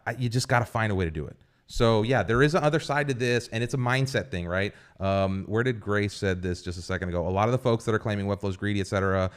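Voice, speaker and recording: A man's voice: fairly low pitch, clean tone. A man co-hosting a livestream podcast, talking casually and reading viewer comments aloud, often adding "right?" and "you know". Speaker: podcast co-host.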